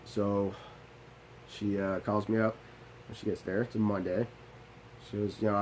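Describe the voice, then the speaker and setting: A man's voice: on the low side, fairly even intonation, slow, long pauses, darkish tone, slight background noise, poor audio. A young man, a Navy veteran, telling his own story in a candid monologue. He talks bluntly, swears freely and often restarts his sentences.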